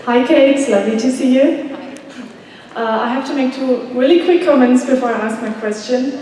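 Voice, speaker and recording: A polite, eager woman, asking a question from the floor of a convention. Her voice sits a little high, and it comes from far off in a big, echoing hall. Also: normal speed, mellow. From Germany.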